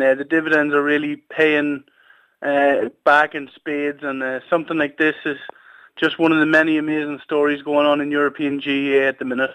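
A man's voice: fairly high pitch, fairly bright tone. A man talking enthusiastically as an interview guest over a phone line, with lots of filler words. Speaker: sports official guest.

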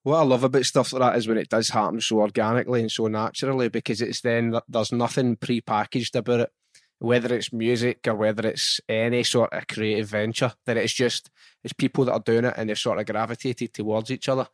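A man hosts a relaxed interview and asks long, meandering questions with a friendly informality. His voice sits at an ordinary middle pitch. It is recorded dry and close, with no room sound. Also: a little fast, dry recording. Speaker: podcast host. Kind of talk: conversational interviewing.

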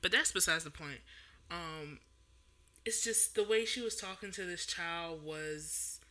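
Woman podcast host, very bright voice, candid and heated, lots of fillers and restarts. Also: on the low side. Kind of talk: casual podcast monologue.

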